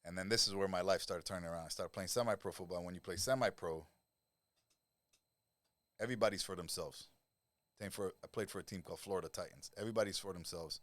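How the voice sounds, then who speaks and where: A man with a very low voice tells his past in a rough, profane street manner, picked up close by a studio mic in a dry room with no echo. He is a guest on a podcast and sounds to be in his forties. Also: quick pace, pauses often, fairly bright tone. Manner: blunt, profane street talk. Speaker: interview guest. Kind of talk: storytelling interview.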